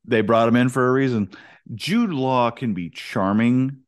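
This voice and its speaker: A man's voice: mid-range voice, a little slow. A man co-hosting a podcast, casually and frankly giving his opinions about a film. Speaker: podcast co-host.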